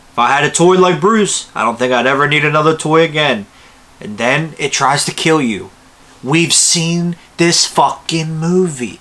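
A man's voice: a little high, moderate pace. A man giving a profane, sarcastic ranting commentary while reviewing a movie. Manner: profane, sarcastic, swings from loud to muttering.

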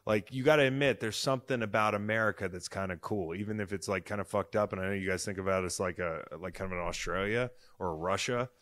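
A man in his thirties hosting a podcast, talking in excitable, profane, jokey banter. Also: sits low, fast, few pauses. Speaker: podcast host. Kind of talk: casual chat.

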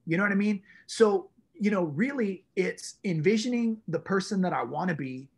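A man's voice: sits high, lively intonation, normal speed. A man in his forties, a guest in a casual interview, telling his story with animation and acting out his own inner voice. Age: 40s.

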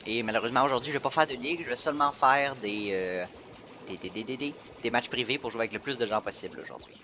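A man streaming a video game live, chatting playfully and excitedly. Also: medium pitch, racing, a little hiss or hum. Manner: playful, excitable, switching between English and French. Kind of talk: casual live-stream commentary.

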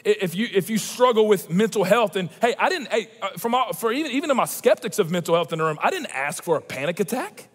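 High-voiced pastor preaching. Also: male voice, quick pace, few pauses, slightly rough. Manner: animated, emphatic preaching with personal storytelling. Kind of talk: sermon. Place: large church auditorium. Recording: long reverb of a church auditorium.

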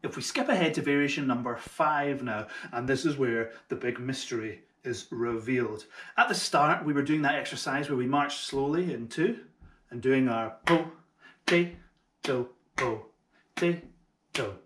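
A man at a medium pitch gives a double bass tutorial from a room that rings with reverb. He talks in an encouraging way, breaks each skill into small steps, and jokes about himself now and then. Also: normal speed, fairly bright tone. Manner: friendly and encouraging, with light self-mocking jokes. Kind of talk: online music tutorial.

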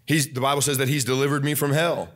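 This young adult pastor talks fast through a fiery Baptist sermon. Loud and forceful, he repeats scripture and shifts from soft side comments into high, excited preaching.

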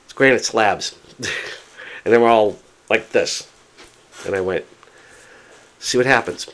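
A man casually telling a story to camera, chatty and animated, often repeating himself for emphasis. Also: on the low side, unhurried. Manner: excited, determined. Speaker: vlogger.

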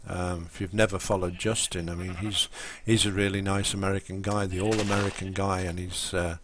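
A man's voice: low-pitched, level tone, brisk, fairly bright tone. A man chatting casually and rambling while he plays a game on a live stream. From England. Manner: rambling, full of ums and restarts.

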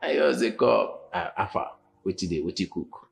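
Lively Nigerian Pidgin man, low voice. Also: normal speed, creaky. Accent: Nigerian Pidgin English. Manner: pidgin banter, lively swoops, jumps to a high squeal. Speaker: comedy skit lead. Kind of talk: Nollywood comedy skit acting.

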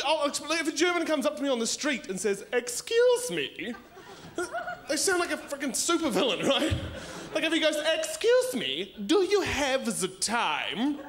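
High-voiced young New comedian. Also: male voice. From New Zealand. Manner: animated, laughing storytelling. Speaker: stand-up comedian. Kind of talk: stand-up comedy set. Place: live comedy stage.

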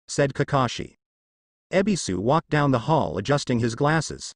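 A man narrating a fan fiction story in a plain, steady reading. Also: medium pitch, normal speed, no echo.

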